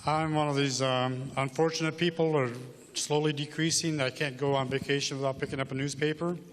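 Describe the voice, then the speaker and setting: A man's voice: mid-range voice, fairly even intonation, a little fast. A man in the audience asking a lecturer a question, a bit self-deprecating. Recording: reverberant hall.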